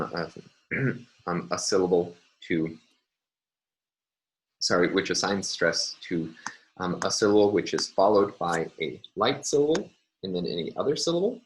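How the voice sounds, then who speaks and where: A man's voice: low-pitched, low-quality recording. A man lecturing on linguistics over slides, careful and self-correcting, with frequent ums and uhs.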